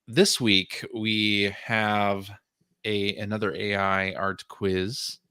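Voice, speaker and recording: A man's voice: lowish voice, little pitch movement, very slow, pushed and bright, clear, resonant tone, no echo, studio quality. A man hosting a podcast in casual chat, loose and chatty, with frequent fillers. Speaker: podcast host.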